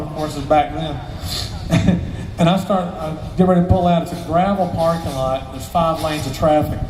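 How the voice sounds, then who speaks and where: Man spinning a crude, rambling yarn, slightly high voice, echoey hall from far off. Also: darkish tone, a little hiss or hum. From Southern US. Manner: rambling, profane, joking asides. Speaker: storyteller, luthier. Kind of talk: casual live storytelling. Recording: echoey hall, distant mic, faint ambience.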